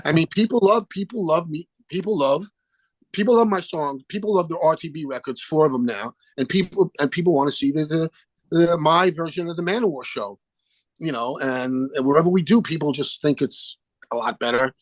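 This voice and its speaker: Older New man telling lively stories. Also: on the high side, brisk, dry recording. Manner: animated storyteller, acts out phone calls in quoted voices. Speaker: guest musician. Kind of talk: casual interview chat.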